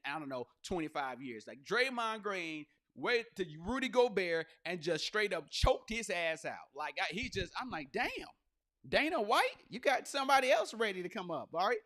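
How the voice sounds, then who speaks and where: A male podcast host and comedian delivering a loose, profane, riffing monologue, jumping into quick voices and asides. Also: high voice, animated, a bit bright.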